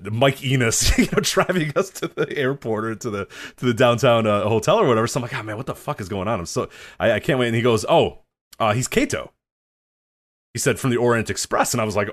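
Male podcast co-host, rapid lively storyteller, profane and laughing. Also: mid-range voice. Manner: animated, swearing, laughs often, acts out quotes. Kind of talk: casual storytelling chat.

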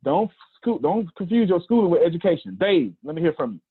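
A husky Southern American man in his forties leads a motivational call, preaching in animated bursts and circling back over his own phrases. His voice reaches us through a tinny, phone-like video call line with a close, dry sound. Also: a little high, a little fast, no echo. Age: 40s. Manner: animated, preachy, repeats phrases, talks to the group. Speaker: host of a coaching call.

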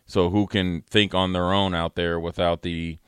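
A man's voice: sits low, flat delivery, a little slow, clear, resonant tone, dry recording, clean studio sound. A man who once played the game, co-hosting a sports talk show in a rambling, filler-heavy way. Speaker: sports radio co-host, former player.

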